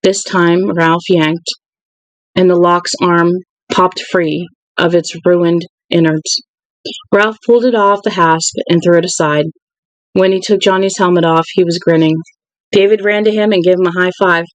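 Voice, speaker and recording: A reader narrating a novel aloud in an even, unhurried way, with occasional restarts. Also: mid-range voice, dry recording, poor audio. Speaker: audiobook reader.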